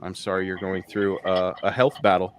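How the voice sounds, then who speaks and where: A man's voice: deep voice, little pitch movement, fairly quick, noisy background. A man hosting a casual live-stream chat, rambling with lots of fillers and frequent laughter. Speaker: host.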